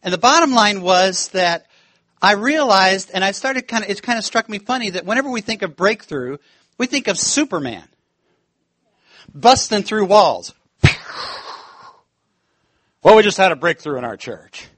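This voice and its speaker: A man's voice: high voice, normal speed, pauses often, no room sound. A man preaching a sermon in church, telling a story with laughter and acting out the voices in it. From United States. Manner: animated, laughing, acts out quoted voices.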